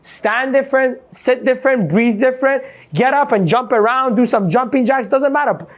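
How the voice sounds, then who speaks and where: A man's voice: very high-pitched, normal speed. Pumped-up guy running a motivational seminar, keeps asking the crowd yes or no. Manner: energetic, quizzes the audience with "yes or no?". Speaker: motivational coach. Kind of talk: live motivational seminar talk.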